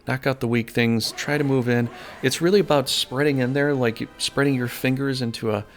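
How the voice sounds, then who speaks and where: A man's voice: mid-range voice, steady tone, normal speed. A man giving casual, rambling strategy commentary over a game, folksy and prone to correcting himself mid-thought. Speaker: gameplay commentator. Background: faint game music.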